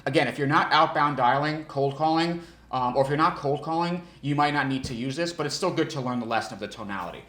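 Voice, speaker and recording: A male sales trainer giving an energetic coaching talk who restarts his sentences and demonstrates different tones. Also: fairly high pitch, quick pace, roomy sound. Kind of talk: instructional talk.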